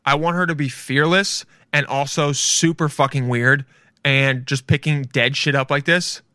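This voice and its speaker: A man giving casual reaction commentary, rambling and excitable, calling people "dude" and swearing freely. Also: medium pitch, unhurried, no echo, studio quality. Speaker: video reaction host.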